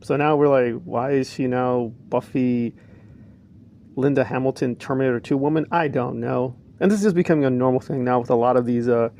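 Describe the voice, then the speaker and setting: A man's voice: mid-range voice, brisk, a little mellow. A man talking through a movie trailer in a casual, opinionated reaction, rambling with frequent asides. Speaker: film reviewer.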